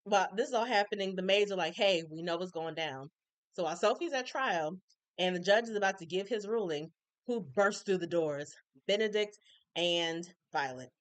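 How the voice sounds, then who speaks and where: A woman recapping a TV episode in casual chat, opinionated and animated, acting out characters' lines with colloquial asides. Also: mid-range voice, moderate pace, no echo. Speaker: recap reviewer.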